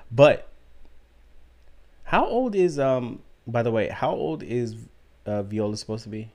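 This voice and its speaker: A man co-hosting a podcast in casual chat, animated and emphatic, with slangy talk and frequent laughter. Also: fairly low pitch, measured pace. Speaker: podcast co-host.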